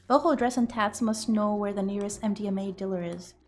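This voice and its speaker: A woman's voice: on the high side, a little slow, soft background music. A young woman streaming, chatting casually and rambling with giggles and loose swearing. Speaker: streamer and artist.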